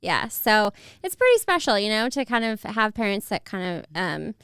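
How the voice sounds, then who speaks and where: A woman's voice: medium pitch, sing-song, normal speed, fairly bright tone, smooth, no echo, clean studio sound. A young woman, a family photographer, chatting in an interview, fond and laughing often as she talks about children. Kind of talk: casual interview chat.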